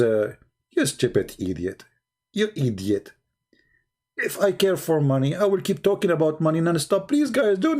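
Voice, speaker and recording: He's an online debate host with a mellow voice that sits on the high side. Addressing his livestream audience, he repeatedly fires rhetorical questions at a critic, taunting and ridiculing him.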